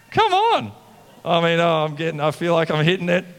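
A man preaching a casual, animated sermon, often saying "come on". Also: fairly high pitch, gravelly, long reverb tail. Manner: animated, conversational preaching with mimicked voices and "come on" refrains. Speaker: pastor.

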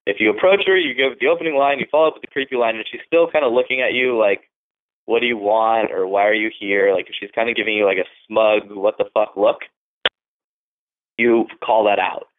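A man hosting a dating-advice podcast, talking bluntly and casually with plenty of swearing, acting out pickup lines as he goes. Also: medium pitch. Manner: profane, blunt, acts out lines in quick asides. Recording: phone-like narrow band.

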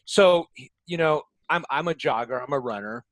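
A man telling a story at mid pitch on a dry, close recording. He rambles and restarts his sentences as he talks. Later he slows into reflective remarks. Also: dry recording, rough recording. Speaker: podcast guest. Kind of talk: casual storytelling.

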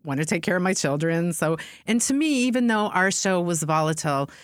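A woman's voice: lowish voice, a little fast, dry recording, studio quality. A middle-aged woman talking as a guest in a casual chat, telling stories and acting out what other people said. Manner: animated, acts out quoted voices. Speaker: podcast guest.

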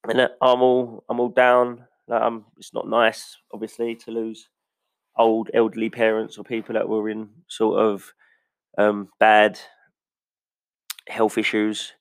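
A gravelly-voiced man talks bluntly and passionately, throwing in the odd swear word. His pitch sits in the middle range, and the recording is close and dry. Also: monotone, a little slow, dry recording. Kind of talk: casual opinion rant.

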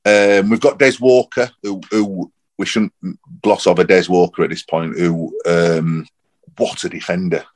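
A man, rambling and animated in casual football chat on a podcast. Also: low-pitched, unhurried. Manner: rambling, animated, repeats himself. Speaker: podcast co-host.

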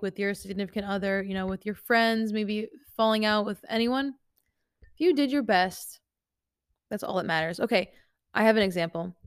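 A young woman talks casually to the camera as a coach sharing her own stories. She is animated and loose, with plenty of fillers, and she often slips into quoting herself. Her voice is smooth and resonant, and it sounds close and dry. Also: medium pitch, dry recording. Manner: chatty, animated, lots of fillers and quoted self-talk. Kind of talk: casual chat vlog.

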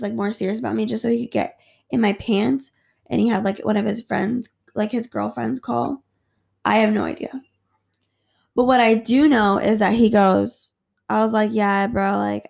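Brief: woman podcast host, candid and profane storyteller, gravelly fry, a bit high. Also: a little mellow. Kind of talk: casual storytelling.

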